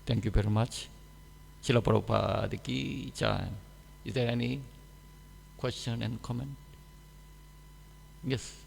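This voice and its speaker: Male class speaker, gravelly voice, plain broken-grammar English, long hall reverb. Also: medium pitch, a little hiss or hum. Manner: simple, halting non-native English with dropped articles; animated when mimicking others. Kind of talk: scripture class talk. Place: temple hall. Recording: echoey hall.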